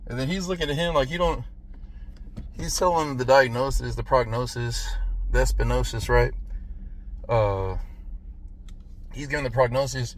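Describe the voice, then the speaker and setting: A man in his thirties giving a casual, profane movie review, punctuating the retelling with "boom" sound effects and "right?" after nearly every line. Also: normal speed, pauses often, a little hiss or hum. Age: 30s. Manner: animated, profane, says "right?" constantly.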